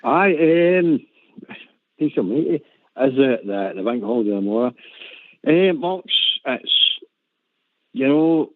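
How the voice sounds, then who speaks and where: A man's voice: mid-range voice, no room sound. A Scottish man chatting in a rambling way as a guest on a fan radio show. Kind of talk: casual chat. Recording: tinny dry phone line.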